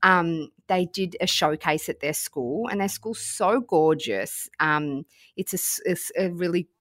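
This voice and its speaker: An Australian woman in her thirties co-hosting a podcast, telling stories in a chatty, animated way with casual swearing. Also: fairly low pitch, unhurried, no echo, clean studio sound. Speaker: podcast co-host. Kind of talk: casual chat.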